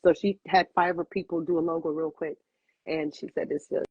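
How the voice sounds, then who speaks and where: A woman in her fifties tells her story with feeling, leaning on repeated phrases. Her voice is husky and dry, and the recording sounds a little dull. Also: deep voice, a little fast, no echo. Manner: expressive, repeats phrases for emphasis. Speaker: cigar bar owner and guest. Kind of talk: emotional personal storytelling.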